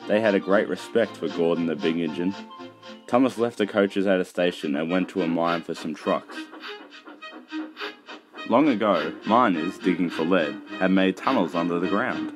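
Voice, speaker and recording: A man narrating a children's railway storybook in a steady reading voice. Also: sits low. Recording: music behind, poor mic.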